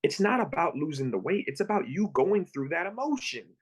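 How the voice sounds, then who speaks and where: A man in his thirties from Pennsylvania, telling his own story as a guest with earnest, halting, repeated phrases. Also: a little high, big pitch swings, husky. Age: 30s. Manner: earnest, repeats words, acts out his own thoughts in quotes. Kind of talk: candid personal storytelling.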